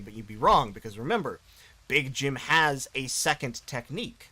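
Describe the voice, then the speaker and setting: A man's voice: medium pitch, expressive, moderate pace, pushed and bright, rough recording. A man hosting a game playthrough, reading the story text aloud and chatting playfully between scenes. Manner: chatty, self-correcting, playful. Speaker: gaming channel host.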